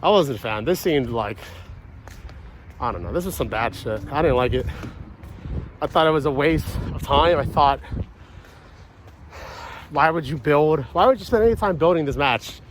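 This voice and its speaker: A man's voice: fairly high pitch, expressive, moderate pace, long pauses, a little hiss or hum, low-quality recording. A man giving a casual, rambling reaction review of a wrestling event, frank and often swearing. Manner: rambling, profane, frank opinions.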